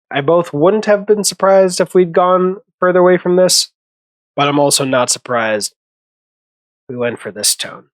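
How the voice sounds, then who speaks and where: A man's voice: a little high, lively intonation, moderate pace, no room sound. A man hosting a casual movie commentary, rambling, correcting himself and laughing often.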